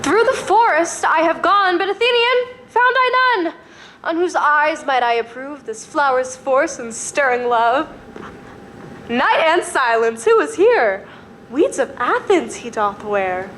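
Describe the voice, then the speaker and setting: A woman's voice: sits high, lively intonation, takes it slowly, fairly bright tone, a little hiss or hum, full character voice. A young woman playing a mischievous fairy sprite in a school stage play, giggling through rhymed verse. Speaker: student actor.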